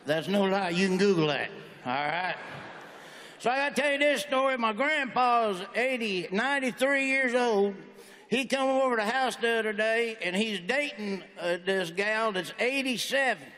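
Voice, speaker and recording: Animated and sharp, a man's high voice keeps a normal speed as he works a big stage with folksy comedy stories and punchy, brash one-liners. His set echoes through the hall, with faint ambience in the background.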